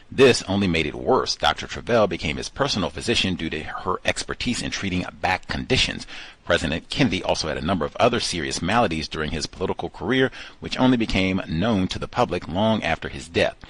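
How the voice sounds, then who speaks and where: Low-voiced sardonic male host. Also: fairly bright tone, no echo. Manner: sardonic asides between read passages. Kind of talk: reading aloud and commenting in a call-in study session.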